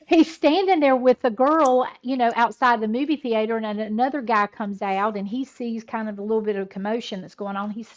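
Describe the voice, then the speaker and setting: A woman's voice: on the high side, normal speed, lo-fi sound. A woman co-hosting a casual chat show, telling a long story, laughing often and repeating words as she goes. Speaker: podcast co-host.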